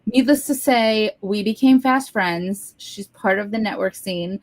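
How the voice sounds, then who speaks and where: A woman's voice: medium pitch, a little slow. A woman co-hosting a podcast who works as a spiritual guide, telling stories in earnest casual chat. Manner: earnest storytelling, acts out quoted voices.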